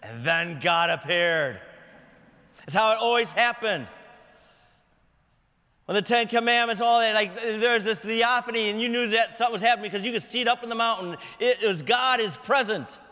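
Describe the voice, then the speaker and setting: A man preaching a sermon in a dramatic manner, swinging from shouting to hushed whispers. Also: very high-pitched, a little fast, long reverb tail.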